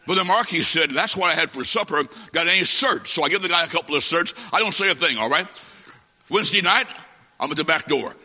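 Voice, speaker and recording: A man preaching a humorous sermon, telling a comic story and acting out the dialogue with lively timing. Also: on the high side, fast. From half Italian. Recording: dull recording in a long-echoing hall.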